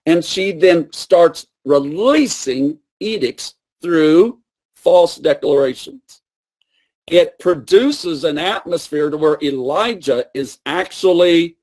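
A man's voice: a little high, expressive, slow pace, darkish tone. A man preaching a sermon and teaching with emphatic, repeated phrases.

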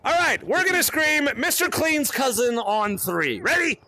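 A man hosting a fan meetup in a VR game, shouting and laughing as he greets many kids at once through his headset. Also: extremely high pitch, big pitch swings, measured pace. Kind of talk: excited livestream chat with fans in VR. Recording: noisy crowded game lobby. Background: crowd of players chattering.

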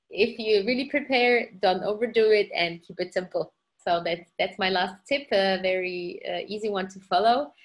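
A woman's voice: medium pitch, fairly bright tone. A woman co-hosting a webinar, explaining things in a friendly way with some hesitations. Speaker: webinar co-host. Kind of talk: casual webinar Q&A.

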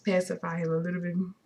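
Sassy young woman with a gravelly voice. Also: mid-range voice. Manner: sassy, incredulous, drops to whispers. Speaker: vlogger. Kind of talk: casual chat to camera.

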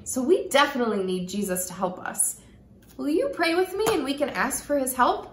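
A woman hosting a children's story time, reading a storybook expressively and then teaching gently. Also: high-pitched, lively intonation, brisk, slight background noise. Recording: echoey room.

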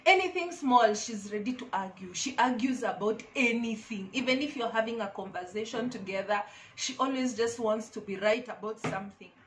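A woman's voice: a little high, normal speed, a little hiss or hum. A woman vlogger giving casual, emphatic advice to camera, repeating her key phrases.

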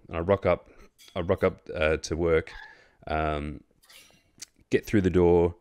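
A man's voice: low-pitched, fairly even intonation, takes it slowly, darkish tone, clean tone. An Australian man hosting a casual chat, telling a long story in a rambling way with lots of fillers, restarts and swearing. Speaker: host.

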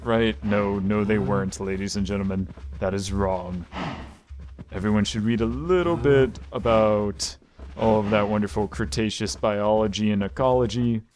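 A man's voice: lowish voice, a little mellow. A man hosting his own gaming channel, giving loose, playful gameplay commentary and coaxing the animals on screen.

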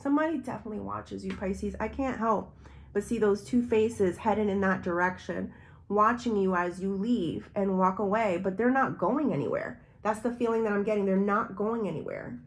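A woman's voice: mid-range voice, moderate pace. Woman tarot reader, loose intuitive monologue addressed to the viewer.

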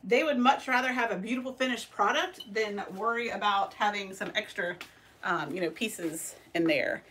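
A woman's voice: mid-range voice, normal speed. A woman with a Southern US accent chatting casually to her livestream viewers while she works at her embroidery machines, calling them y'all. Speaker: embroidery shop owner livestreaming her work. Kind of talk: casual live-stream chat while working. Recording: distant mic with loud sewing machine noise.

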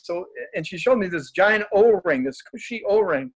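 Upbeat joking man, slightly high voice. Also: a little fast, hardly any pauses. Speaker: guest, motivational speaker. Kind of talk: casual storytelling in conversation.

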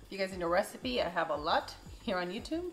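A woman's voice: medium pitch, animated, fast talker, slight background noise. A woman hosting a home cooking channel, explaining recipes step by step in a friendly, chatty way with frequent laughs. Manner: friendly, laughs often, addresses viewers as friends. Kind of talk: recipe instruction with family chat.

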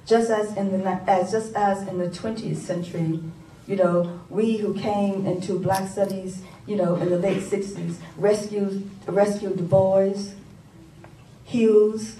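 An older woman from New York, a poet telling a story to an audience, animated and laughing, repeating phrases for emphasis. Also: mid-range voice, a little slow, slight background noise. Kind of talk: live storytelling talk to an audience. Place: conference hall. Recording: roomy, from far off, faint ambience.

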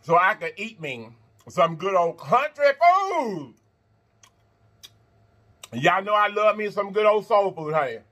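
A man hosting an eating-show vlog, chatting to viewers between bites, animated and quick to laugh. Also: high-pitched. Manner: animated, talks straight to viewers, laughs and chants; talks while eating and blowing on hot food. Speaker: mukbang host.

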